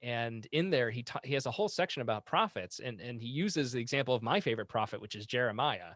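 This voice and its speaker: An animated man in the role of a friar and guest author, speaking in a mid-pitched voice. He explains quickly and laughs easily. The recording is dry and close. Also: no echo. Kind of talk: casual chat.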